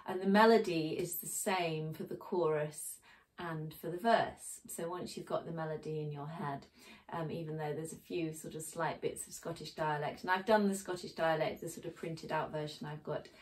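A middle-aged woman from England teaching a song in a chatty way, often pausing with ums and uhs. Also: deep voice, fairly even intonation. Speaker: singing teacher. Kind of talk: casual spoken singing lesson. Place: home in a village.

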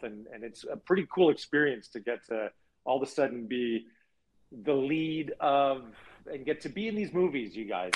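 Man, husky voice, actor, casual chat, storytelling. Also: medium pitch, rough recording. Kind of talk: casual virtual cast chat.

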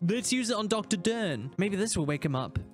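Excitable joking man, high voice. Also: fairly quick, faint music behind. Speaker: streamer playing a game. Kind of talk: casual gaming commentary.

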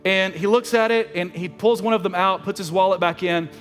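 A man preaching from the pulpit with a fairly high, lifted voice. His earnest, heartfelt storytelling carries through a long church reverb, with soft music faintly underneath. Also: fairly even intonation, brisk. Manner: earnest, emotional storytelling with repeated phrases. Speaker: pastor. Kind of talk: sermon storytelling. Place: church sanctuary.

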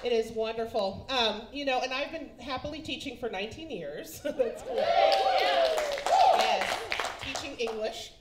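A woman's voice: fairly high pitch, measured pace, heavy background noise. A woman from Kansas in her forties doing a stand-up comedy set, brassy and teasing, calling the crowd baby and honey. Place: comedy club stage with a laughing audience. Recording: echoey live room with loud crowd laughter.

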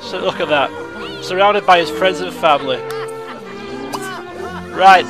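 A man giving excitable, theatrical gameplay commentary, exclaiming and chatting to his game characters. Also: sits high, normal speed, music in the background. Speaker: let's play host.

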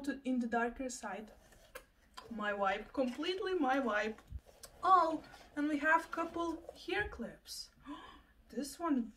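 High-voiced excitable young woman. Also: a little hiss or hum. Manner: excitable, gasping exclamations. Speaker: plant and lifestyle vlogger. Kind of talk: casual unboxing chat.

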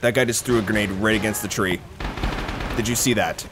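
A young man doing casual, excitable gameplay commentary, rambling, swearing and laughing between remarks. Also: on the low side, brisk. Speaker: gaming commentator. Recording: noisy with game gunfire behind. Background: gunfire and artillery from the game.

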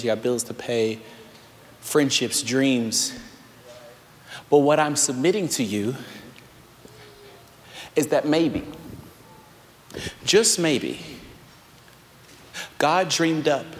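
A man preaching an energetic sermon as a pastor, shouting at peaks, then dropping to a quiet, conversational tone. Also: medium pitch, a little hiss or hum. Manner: animated, shouts and laughs, swings from loud to quiet. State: out of breath. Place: large church hall. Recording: long hall reverb, faint room ambience.

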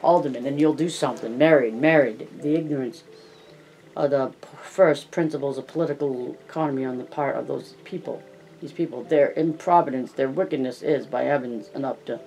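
Brief: male reader as a sharp exasperated statistics man, faint music. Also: mid-range voice, fairly quick, natural voice, poor audio. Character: sour lecturing gentleman fond of statistics. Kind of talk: audiobook character reading.

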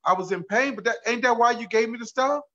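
Elderly mother in her eighties voiced by a man, high folksy voice, bright and sharp, dull lo-fi sound. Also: fast. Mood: relieved, puzzled. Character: elderly mother, about eighty, cheerfully relieved.

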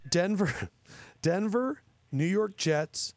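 A man's voice: high voice, animated, slow, darkish tone, no echo. Young man host pushing in with questions. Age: young adult. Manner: keeps trying to cut in with questions. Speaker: podcast host. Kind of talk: casual sports podcast chat.

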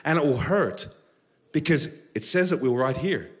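Lively, joking male pastor preaching. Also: fairly high pitch, moderate pace. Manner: animated, humorous storytelling with impressions. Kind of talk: sermon. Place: church sanctuary during a live service.

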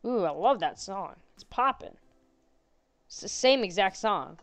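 A woman's voice: mid-range voice, animated, measured pace, no echo, soft background music. A woman playing a horror game and commenting on it, sarcastic and jokey, chatting to the characters on screen. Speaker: gaming channel host.

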